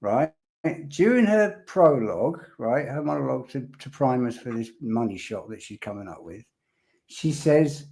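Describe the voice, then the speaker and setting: A man's voice: mid-range voice, animated, moderate pace, vocal fry, a little mellow. A man hosting a podcast, analyzing a recorded statement, repeating phrases and quizzing his co-host emphatically.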